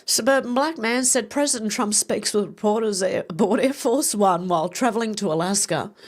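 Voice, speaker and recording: A woman's voice: medium pitch, a little fast. A woman hosting a livestream, reading posts aloud and adding blunt, profane remarks. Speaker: livestream host. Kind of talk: casual livestream news commentary.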